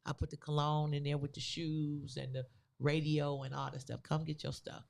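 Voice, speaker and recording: A woman co-hosting a podcast, telling a personal story in a casual, animated way with loose, vernacular phrasing. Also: low voice, normal speed, vocal fry. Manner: animated, acts out the people in her story. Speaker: podcast co-host.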